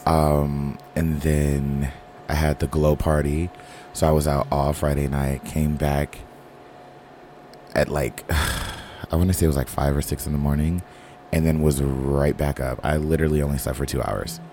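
A man with a remarkably deep, dark, mellow voice and a morning rasp he hasn't warmed out of. He co-hosts a casual chat, sassy, gossipy and quick to joke. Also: level tone, slight background noise. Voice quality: raspy. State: early-morning unwarmed voice. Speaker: podcast co-host.

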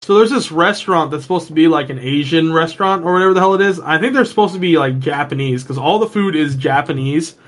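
A man's voice: on the high side, quick pace, hardly any pauses. A man co-hosting a podcast, telling loose, rambling stories in casual chat and swearing freely.

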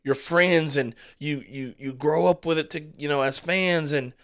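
A man's voice: a little high, moderate pace, fairly bright tone, clear, resonant tone. A man co-hosting a casual sports chat, rambling and passionate, prone to getting fired up. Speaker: podcast co-host.

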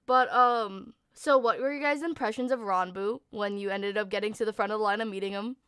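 A young woman hosting a casual podcast chat, an excitable, giggly storyteller. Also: mid-range voice, brisk, smooth, no echo, clean studio sound. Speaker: podcast host.

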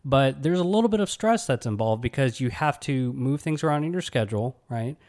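Male podcast host, mid-pitched, loose and chatty advice talk. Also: lively intonation, brisk, a little mellow. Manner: conversational, many "you know" and "right?" fillers.

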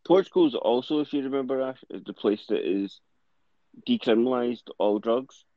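A man's voice: medium pitch, normal speed, no echo, muffled recording. A Scottish man co-hosting a casual podcast, chatting and joking. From Scotland. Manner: jokey, chatty, lively. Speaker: podcast co-host.

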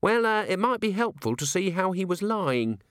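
A man's voice: high voice, sing-song, moderate pace, a bit bright, clear, resonant tone, dry recording, clean studio sound, voice pushed up. A man reading an audiobook voices a young female dwarf watch officer who sounds gloomy and dryly weary.

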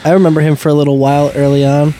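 A man in a casual podcast chat, chiming in with short reactions and quick asides. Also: a little high, level tone, mellow, slight background noise.

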